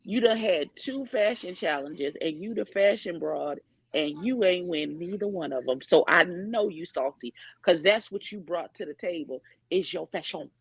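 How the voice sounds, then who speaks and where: Sassy panelist with a husky voice. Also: medium pitch, normal speed, no room sound, poor audio. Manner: sassy, drawling commentary. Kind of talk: casual panel chat.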